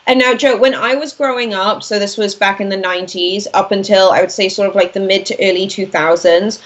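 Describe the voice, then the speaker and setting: A woman's voice: mid-range voice, lo-fi sound. A woman in her twenties, raised in Wales, chatting as a guest on a talk-radio interview with lots of "like" fillers. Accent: Welsh-born, speaking with an American-leaning accent. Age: 20s. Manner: chatty, animated, many "like" fillers. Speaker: guest commentator.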